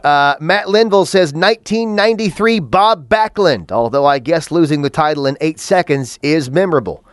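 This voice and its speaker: A man's voice: a little high, normal speed, no echo, clean studio sound. A man co-hosting a podcast in casual chat, crude and joking, reading out listener comments. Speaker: podcast co-host.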